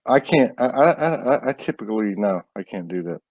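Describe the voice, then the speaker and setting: A man hosting a live online show in a relaxed, teasing way, often stumbling and restarting his sentences. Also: fairly low pitch, fairly quick, no echo. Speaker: show host. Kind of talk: casual live-stream hosting.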